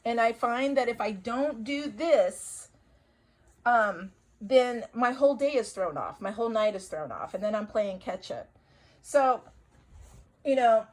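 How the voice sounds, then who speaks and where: A woman's voice: a little high, rough recording. A woman talking casually about healing stones and affirmations, rambling and repeating herself for emphasis. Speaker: spiritual video host.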